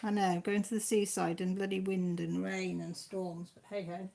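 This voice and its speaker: A woman's voice: mid-range voice, little pitch movement, moderate pace, vocal fry, mellow. A Welsh woman hosting a live stream from home, chatting casually and reading out viewers' comments in a homely, slangy way with the odd mild swear. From Wales.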